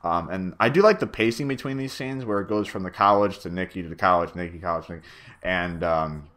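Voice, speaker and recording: A young man with a low, brisk, fairly bright voice gives a rambling, stammering director's commentary on his own machinima, packed with fillers and swearing.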